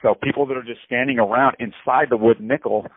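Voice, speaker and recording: A man telling a story from prison over the phone in a rambling, animated way, saying "bro" again and again and repeating himself. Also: medium pitch, fast, a little hiss or hum. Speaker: incarcerated storyteller. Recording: tinny phone line.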